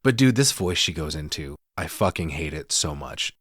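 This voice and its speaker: A man's voice: a bass voice, very animated, normal speed, fairly bright tone, no echo, studio quality. A man co-hosting a podcast, retelling a movie plot in a casual, profane, wry way. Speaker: podcast co-host.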